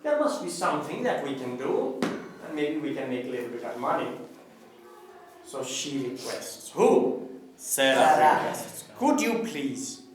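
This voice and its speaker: A man, teaching an English class, explaining a story slowly and asking his students questions. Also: medium pitch, lively intonation, noisy background. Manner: mixes in Nepali now and then. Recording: very echoey classroom, distant mic.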